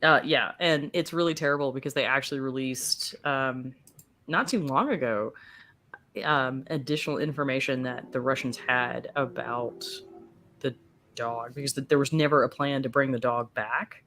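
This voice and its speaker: A woman's voice: extremely low pitch, fairly even intonation, moderate pace, fairly bright tone. A woman co-hosting a casual podcast chat, emphatic and tripping over her words as she talks. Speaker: podcast co-host.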